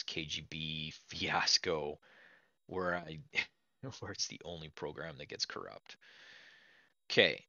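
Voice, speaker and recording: Excitable, gravelly-voiced man playing a retro game. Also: deep voice, dry recording, muffled recording. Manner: chatty, excitable, talks to viewers as friends. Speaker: let's play host. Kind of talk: casual game commentary.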